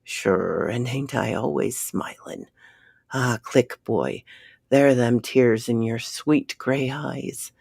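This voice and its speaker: A woman's voice: a bass voice, slow, gravelly, a little mellow, husky, no echo, studio quality, voice pushed down, exaggerated voice. Woman doing a brash spaceman. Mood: jovial. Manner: boastful, folksy, drawling. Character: big brash Irish spaceman, grown man.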